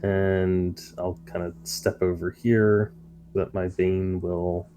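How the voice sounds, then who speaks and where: A man's voice: low voice, little pitch movement, takes it slowly, mellow. A man playing a tabletop game, explaining his turn with hesitant, stammering speech. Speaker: player.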